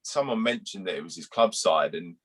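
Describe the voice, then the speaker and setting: A man's voice: low voice, lively intonation, fairly quick, a bit bright, slightly rough, rough recording. A young man from England, a guest cricketer, telling rambling anecdotes with restarts and some swearing. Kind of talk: casual storytelling.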